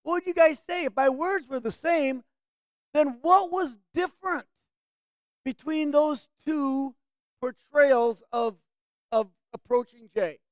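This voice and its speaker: A woman's voice: sits high, takes it slowly, no echo. A woman leading a Bible class, teaching the group and asking them questions to draw out answers.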